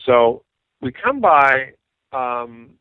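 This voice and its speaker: A man's voice: mid-range voice, very slow, clear, resonant tone, dry recording. Man telling stories on a tinny line. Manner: animated anecdotes, acts out quoted dialogue. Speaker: interview guest, rock bassist. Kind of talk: casual storytelling. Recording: dry tinny phone-like sound.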